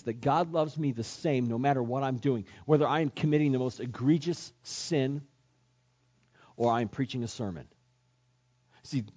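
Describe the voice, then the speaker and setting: Man, pastor, earnest sermon, husky, dull lo-fi sound. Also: mid-range voice, a little mellow. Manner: earnest, emphatic preaching.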